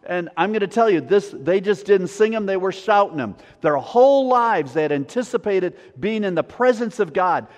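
A pastor from Wisconsin preaching a sermon to his congregation, lively and rising to near-shouts on the prayers. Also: sits high, normal speed, hardly any pauses, in a large hall.

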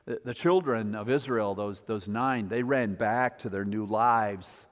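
A male pastor preaching a sermon with a repetitive cadence, building up and then dropping to a quiet, low delivery. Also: measured pace. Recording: long hall reverb.

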